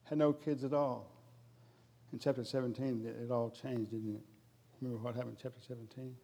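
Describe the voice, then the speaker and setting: A man's voice: mid-range voice, fairly even intonation, fairly quick, creaky, mellow, breathy edge. Male preacher, folksy, jokey, addressing the congregation, long church reverb. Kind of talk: humorous sermon.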